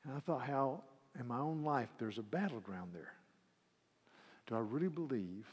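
A man preaching a sermon with passion, swinging from hushed to loud and repeating words as he builds emphasis. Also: medium pitch, expressive, moderate pace, long pauses, breathy edge. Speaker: pastor. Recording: reverberant hall.

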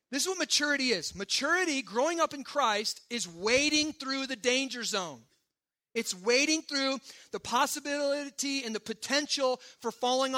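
A man's voice: very high voice, bright, forceful tone. A man preaching a sermon in a conversational, emphatic way, often checking in with the congregation. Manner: emphatic, conversational preaching with frequent "right?" asides. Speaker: pastor.

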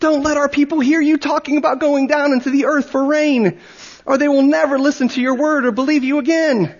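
A man voicing an old male island chief who speaks in a gentle, imploring tone. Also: extremely high pitch, fairly even intonation, a little fast, voice pushed up. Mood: pleading. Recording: dull recording with long reverb.

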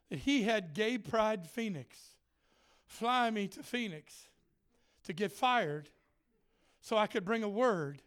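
A middle-aged man preaching a sermon, telling a story in an animated way, often shouting and breaking into laughter. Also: sits high, clear, resonant tone.

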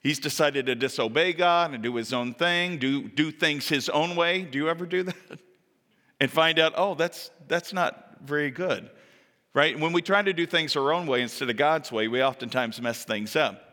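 A man preaching, retelling a story with lively emphasis. His pitch leaps up and his voice grows louder when he acts out characters' words. His forceful, bright tone rings out in a hall with a long reverb. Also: normal speed. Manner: animated storytelling, acting out quoted lines with sudden high pitch. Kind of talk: sermon.

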